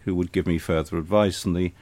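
In an interview, an older retired air force officer reminisces about his early years, speaking in a very low, dry-toned voice at a quick pace with a steady tone. His anecdotes carry a gentle wryness, and the recording is dry.

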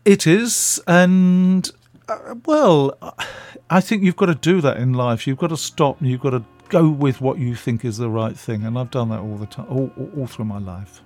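A man's voice: medium pitch, moderate pace, darkish tone, soft background music. An older man from England, a radio interview guest, telling chatty stories with fillers.

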